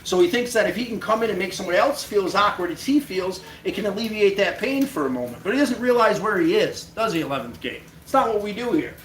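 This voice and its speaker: A man's voice: high voice, lively intonation, fast, hardly any pauses, fairly bright tone. A man hosting a stream, chatting casually in a laid-back, teasing way and swearing freely. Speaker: livestream host. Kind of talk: casual chat. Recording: echoey, distant mic, background noise.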